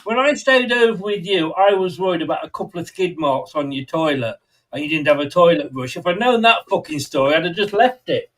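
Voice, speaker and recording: A man's voice: fairly high pitch, animated, brisk, fairly bright tone. A man in casual chat, joking and teasing. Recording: distant from the mic.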